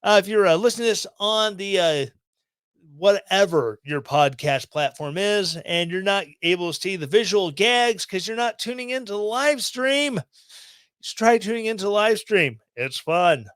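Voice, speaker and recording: A man's voice: high voice, lively intonation, normal speed, fairly bright tone, smooth, no echo. A man hosting a podcast, commenting on the news in a rambling, self-deprecating way with sarcastic asides, into a studio microphone. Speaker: podcast host.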